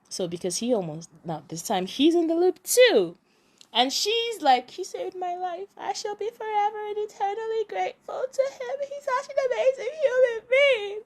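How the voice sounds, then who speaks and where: A young woman casually recapping a drama, acting out the characters' lines and often laughing. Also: medium pitch. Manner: animated storyteller, acts out characters' lines, laughs a lot. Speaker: podcast host recapping a drama.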